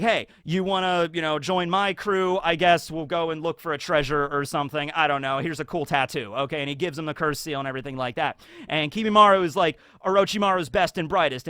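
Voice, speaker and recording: A man hosting his channel, giving a casual, excitable anime commentary and tagging his sentences with "okay?". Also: high-pitched, no echo. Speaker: YouTube host.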